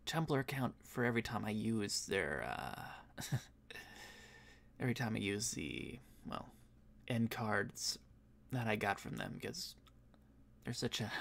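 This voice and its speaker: Slow, gravelly man rambling casually. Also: on the low side. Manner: rambling, with many fillers and soft laughs. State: yawning, a bit tired. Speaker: voice actor and streamer. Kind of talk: casual stream chat.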